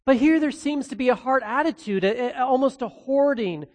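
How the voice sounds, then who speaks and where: A pastor with a high, light male voice delivers an expository sermon. He speaks earnestly, breaking into casual asides now and then. His words ring out with a long reverb, as in a church hall. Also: normal speed, a little mellow.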